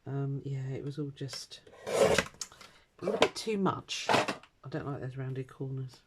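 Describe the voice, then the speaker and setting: A woman's voice: very deep voice, slow pace, very noisy. A middle-aged British woman vlogging at her home craft desk, chatting in a rambling way with lots of ums and uhs. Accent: British English. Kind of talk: casual chat.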